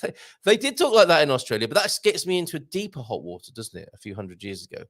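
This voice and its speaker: A man hosting a casual livestream, reading out viewer comments in a rambling, self-interrupting way with sudden bursts of excitement. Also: on the high side, quick pace. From England.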